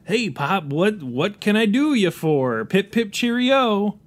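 A man's voice: high-pitched, big pitch swings, takes it slowly, full character voice. A man playing Tarzan's grown son, a would-be assassin, in an improvised comedy podcast, joking and dropping into a silly mock-English accent.

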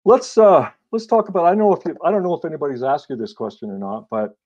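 A man interviewing an author as a fellow writer, speaking in a halting, thoughtful way with many hesitations. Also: fairly high pitch, big pitch swings, a little mellow, lo-fi sound. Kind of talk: casual interview.

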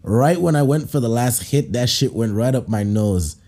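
A man hosting a podcast reads listener stories aloud and breaks into laughter and playful voices as he riffs on them. His voice is dark and husky, and his pitch swings widely. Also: expressive, normal speed. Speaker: podcast host. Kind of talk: reading and reacting to listener stories.

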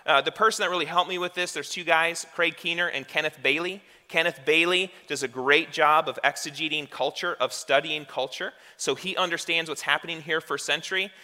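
A man's voice: on the high side, steady tone, a little fast, few pauses, pushed and bright. A male pastor preaching a sermon in a conversational way, asking rhetorical questions as he goes. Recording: long hall reverb.

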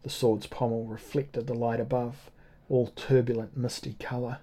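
A man reading a first-person novel aloud as narrator, in a measured, sombre, even manner. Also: medium pitch. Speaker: audiobook narrator.

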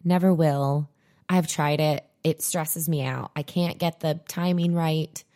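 A woman's voice: low-pitched, steady tone, measured pace, dark tone. A woman in her thirties co-hosting a podcast, telling stories in a dry, self-mocking casual chat. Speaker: podcast co-host.

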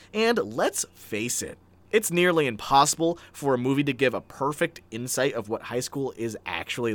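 A man's voice: mid-range voice, a bit bright, no echo. A man co-hosting a casual chat, reading online reviews aloud with playful, dramatic flair. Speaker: podcast co-host.

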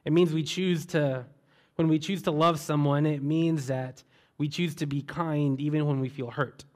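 A man preaching a sermon, telling a story in a relaxed way and asking repeated rhetorical questions. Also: fairly high pitch, normal speed.

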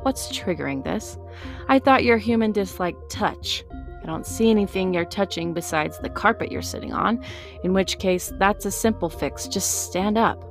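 A woman voicing a calm, firm female guide who coaches others in a patient, direct way. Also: medium pitch, normal speed, faint music behind, natural voice.

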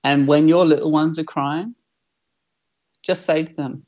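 A man's voice: fairly high pitch, steady tone, unhurried, darkish tone, dull audio. A man, an earnest and reflective podcast guest who swears freely. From New Zealand. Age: 40s. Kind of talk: podcast conversation.

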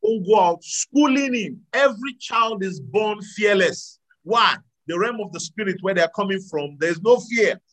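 Animated high-voiced male preacher. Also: moderate pace, hardly any pauses, poor audio. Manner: animated, swings between loud exclamations and quiet asides. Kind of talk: sermon with audience call-and-response.

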